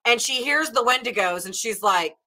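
Bright-voiced chatty woman. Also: a little high, lively intonation, moderate pace. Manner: chatty, many "like" and "um" fillers. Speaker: book club co-host; former literature teacher. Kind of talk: casual book discussion.

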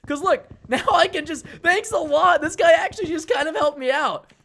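A young man hosting a live game stream, talking energetically and bursting into shouts when the action heats up. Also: extremely high pitch, normal speed, gravelly. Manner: energetic, excitable, bursts into shouting during fights. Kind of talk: excited live stream commentary.

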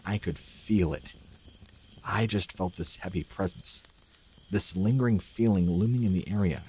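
A man reading submitted scary stories aloud in a slow, measured, dramatic narration, as the channel's regular narrator. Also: low-pitched, darkish tone, slight background noise, rough recording. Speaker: horror story narrator.

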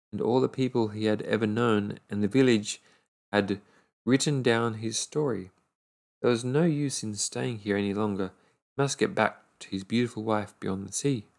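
Low-voiced man reading a storybook aloud. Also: vocal fry. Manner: unhurried, stumbles and corrects words. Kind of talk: read-aloud storybook narration.

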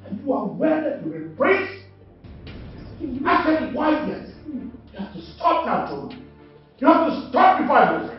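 A furious shouting king. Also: very high voice, very animated, a little slow, long pauses, very echoey, distant mic, full character voice. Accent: Nigerian. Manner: shouting commands. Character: stern angry king, father of a prince. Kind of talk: Nollywood film acting. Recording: dull film audio with music.

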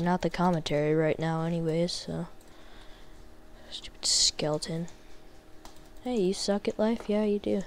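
A young woman commenting on her own gameplay as a channel host, frustrated and muttering, breaking into loud outbursts. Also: fairly low pitch, a little hiss or hum.

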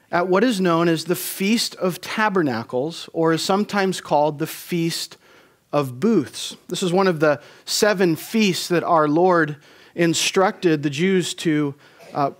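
A man preaching a Christmas Eve sermon in a church, measured and deliberate, slowing down to stress key phrases. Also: on the high side. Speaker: pastor. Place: church sanctuary.

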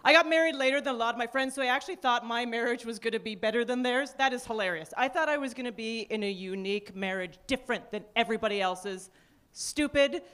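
A woman from Canada performing a stand-up comedy set on a club stage, dry and deadpan, with sudden high-pitched bursts. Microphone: handheld stage mic. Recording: live club recording with audience laughter. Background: audience laughter.

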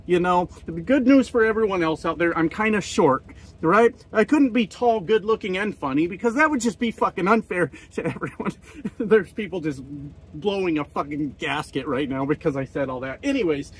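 A man's voice: on the high side, breathy edge. A man who drives trucks, ranting casually to his vlog audience in a profane, joking and self-mocking way.

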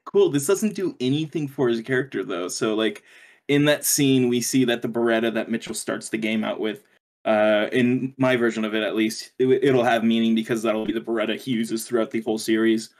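A man's voice: medium pitch, fairly even intonation, brisk. Young male co-host, loose and rambling, curses casually, frequent laughs. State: hiccuping. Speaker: podcast co-host. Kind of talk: casual gaming chat.

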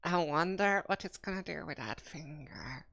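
Giggly low-voiced woman streamer. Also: lively intonation, moderate pace, vocal fry, a bit bright. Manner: giggly, playful, breaks into shrieks and squeals; puts on silly voices for game characters. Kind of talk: casual gameplay commentary.

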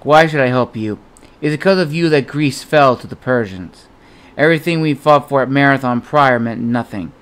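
A man reading the part of a gruff, bitter former Athenian general in an audiobook. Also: mid-range voice, moderate pace, a bit bright, natural voice.

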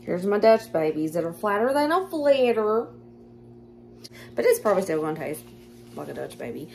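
A woman with a Southern American accent chatting casually through a cooking demonstration in her home kitchen. She is self-deprecating and quick to laugh. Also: medium pitch, big pitch swings, creaky, darkish tone, a little hiss or hum. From Southern United States. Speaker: cooking vlogger.

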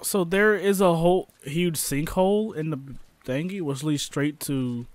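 A young man giving excitable, jokey let's play commentary, talking to his viewers. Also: fairly high pitch, measured pace, no room sound. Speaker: gaming YouTuber.

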